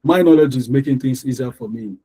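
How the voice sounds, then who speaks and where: A man teaching English pronunciation to exam students. His voice is mellow and warm, and he talks in an even, explanatory way. He repeats example words slowly to show where the stress falls. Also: medium pitch, breathy edge, rough recording. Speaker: English tutor. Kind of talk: online lesson.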